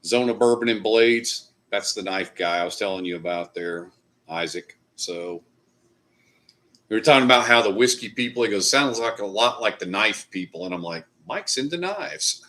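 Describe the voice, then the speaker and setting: Male livestream host, low-pitched, loose rambling chat. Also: normal speed, bright, forceful tone. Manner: loose, rambling, swears casually. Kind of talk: casual live chat reading comments.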